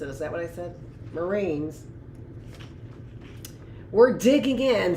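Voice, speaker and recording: A woman's voice: medium pitch, roomy sound, a little hiss or hum. A woman teacher reading a history book aloud to a class, stopping for chatty asides and correcting her own slips.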